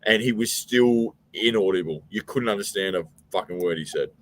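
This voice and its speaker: A man co-hosting a casual beer podcast, talking in halting, rambling runs and swearing freely. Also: on the low side, a little hiss or hum. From Australia. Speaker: podcast co-host. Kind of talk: casual chat.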